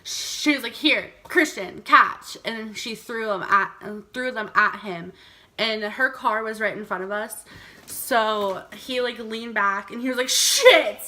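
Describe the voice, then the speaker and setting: A woman's voice: medium pitch, fairly even intonation, unhurried, pushed and bright. A young woman vlogger telling a storytime, chatty and giggly, saying "like" all the time. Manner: chatty, heavy use of "like", giggly. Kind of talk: storytime vlog.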